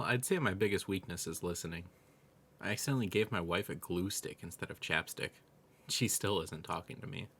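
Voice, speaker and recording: A man narrating a run of jokes with a dry, even delivery of setups and punchlines. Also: low-pitched. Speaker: joke narrator. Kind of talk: scripted joke telling.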